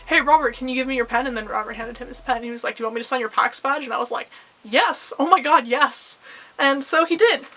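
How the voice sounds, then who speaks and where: A woman vlogger telling a story in a casual, excitable, rambling way full of fillers. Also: on the high side.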